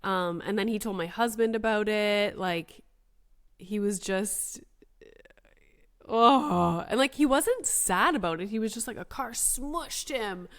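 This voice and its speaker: A woman's voice: mid-range voice, normal speed. A woman hosting a solo podcast, telling a story in chatty, rambling casual talk that is full of filler words. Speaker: podcast host.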